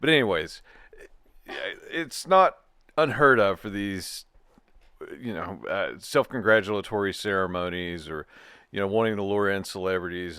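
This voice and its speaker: A young adult man co-hosts a casual chat, joking and rambling with many restarts. His voice is smooth and clear, and the recording is dry and close. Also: deep voice, moderate pace, sharp tone, no room sound. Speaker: co-host.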